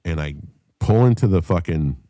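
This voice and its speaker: A man's voice: low-pitched, moderate pace, dry recording. Profane storytelling man, dry close sound. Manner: profane, animated storyteller who shouts when quoting others. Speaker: podcast host. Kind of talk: casual storytelling chat.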